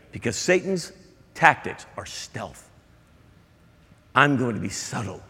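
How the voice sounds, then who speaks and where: A pastor's medium-pitched voice, a bit bright and slightly rough, carries his sermon. He talks emphatically and casually with his congregation, dropping in asides, while long hall reverb fills the church recording.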